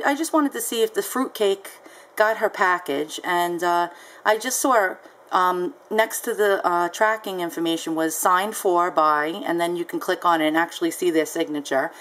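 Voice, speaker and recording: A woman's voice: lowish voice, fairly bright tone, rough recording. A woman seller casually recounting a story on her vlog, chatty and peppered with ums and asides. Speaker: online seller.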